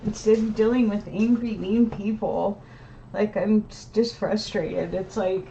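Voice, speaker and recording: A woman's voice: mid-range voice, fairly even intonation, unhurried, gravelly, dark tone, a little hiss or hum. A tired woman rambling and venting to her camera at home, full of restarts and tag questions. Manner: rambling, weary, frequent "right?" and restarts. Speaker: vlogger. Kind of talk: casual venting monologue to camera. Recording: dull lo-fi sound.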